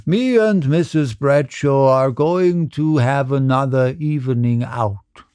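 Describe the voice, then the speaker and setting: A man's voice: mid-range voice, slow, darkish tone, smooth, no room sound, natural voice. A man voicing a sly, contented old man who speaks mildly and hesitantly. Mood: sly contentment. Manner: mild and hesitating.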